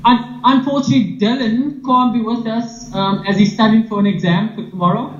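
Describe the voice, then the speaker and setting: A man's voice: high-pitched, fairly even intonation, brisk. A man introducing his team over a video call, chatty and laughing. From South Africa. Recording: dull video call played into an echoey hall.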